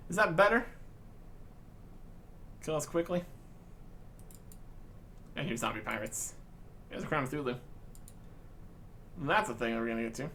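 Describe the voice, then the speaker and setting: A man's voice: mid-range voice, bright, forceful tone. A man hosting a gaming video, making wry, joking asides while reading quest dialogue. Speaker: gaming channel host. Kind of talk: casual gameplay commentary.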